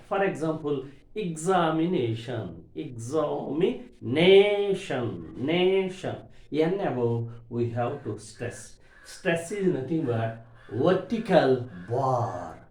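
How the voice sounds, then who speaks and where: Slow, animated Indian English lecturer. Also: male voice, medium pitch. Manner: repeats words slowly, stressing syllables. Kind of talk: classroom grammar lesson. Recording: echoey room.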